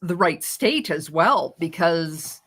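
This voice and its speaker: Kiwi woman hosting a chat, lower voice, laid back and easy. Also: expressive, slow, fairly bright tone, slightly rough. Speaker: host. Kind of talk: casual chat.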